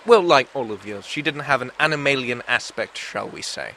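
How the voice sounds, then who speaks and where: A man's voice: mid-range voice, lively intonation, normal speed, pushed and bright. A man playing a badger-headed adventurer in a comedy audio drama, with a joking, breezy manner. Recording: noisy background.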